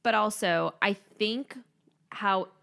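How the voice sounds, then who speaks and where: A young woman co-hosting a casual podcast, playful and sarcastic, with quick reactions and frequent laughs. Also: mid-range voice, creaky, pushed and bright. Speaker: podcast co-host. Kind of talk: casual chat.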